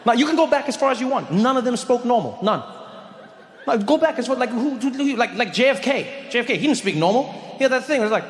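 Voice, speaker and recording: A man doing stand-up comedy on stage, animated and mock-indignant. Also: extremely high pitch, fast. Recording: echoey hall with background noise.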